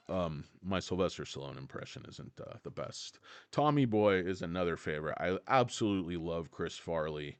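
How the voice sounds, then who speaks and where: A man's voice: deep voice, animated, normal speed, no echo. A man hosting a casual stock-market livestream, rambling and joking as he talks straight to his chat.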